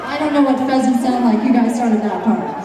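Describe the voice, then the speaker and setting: A woman's voice: a little high, a little fast, over a noisy crowd, very noisy. A woman telling a folk tale to an audience, breaking in with dry, joking asides. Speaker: storyteller. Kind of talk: storytelling with wry asides. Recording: echoey hall, far from the mic.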